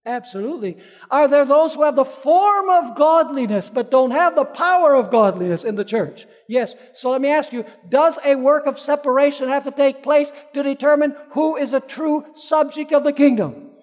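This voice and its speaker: A man's voice: very high voice, normal speed. A man preaching a sermon. He asks the congregation questions, answers them himself, and acts out the people in a parable with changing voices. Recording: long reverb of a large hall.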